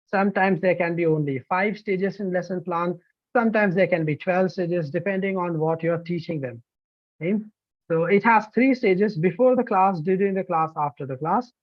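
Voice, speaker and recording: A teacher trainer from India with an Indian English accent, giving an energetic online training lecture and often checking in with the listeners. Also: medium pitch, no room sound. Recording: dull lo-fi, dry sound.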